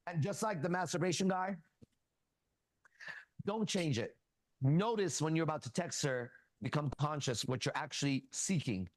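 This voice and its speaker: A man hosting a casual talk show, coaching a younger man bluntly and profanely and telling animated stories with quoted dialogue. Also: a little high, moderate pace, no echo. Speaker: host. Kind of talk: casual advice talk and storytelling.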